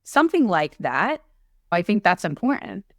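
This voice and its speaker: A middle-aged woman coach in a conversational podcast discussion, animated and often acting out clients in quick asides. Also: medium pitch, dry recording, clean studio sound.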